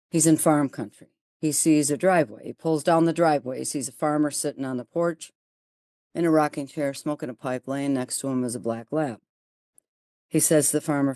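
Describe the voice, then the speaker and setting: A woman's voice: low-pitched, no room sound, clean studio sound. Blunt Buffalo-accented woman golf teacher. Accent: Buffalo, New York. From Buffalo, New York. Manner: blunt, animated storyteller who acts out dialogue. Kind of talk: storytelling interview.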